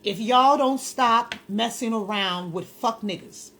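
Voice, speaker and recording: A woman's voice: fairly high pitch, a little slow, fairly bright tone, a little hiss or hum. A woman hosting a commentary video who offers counseling, talking to viewers in a blunt, impassioned, lecturing way. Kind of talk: direct-to-camera commentary.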